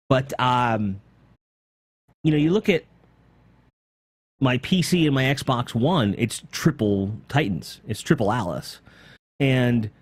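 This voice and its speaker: A man hosting a casual gaming podcast, talking excitedly in long rambling runs with casual swearing. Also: mid-range voice. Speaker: podcast host.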